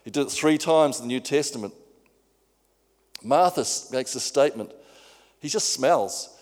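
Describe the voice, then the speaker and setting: A man preaching a sermon in a church hall, earnest and often stumbling over repeated words. His voice sits at a middle male pitch, and a long hall reverb trails after each phrase. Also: expressive, moderate pace, darkish tone.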